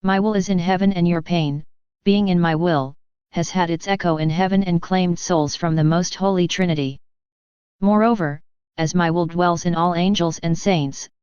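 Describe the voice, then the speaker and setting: A woman reading the lines of a gentle, sorrowful divine male speaker in a solemn, tender, unhurried way, with a smooth, clear voice. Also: fairly low pitch, no room sound, natural voice. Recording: dull lo-fi dry reading.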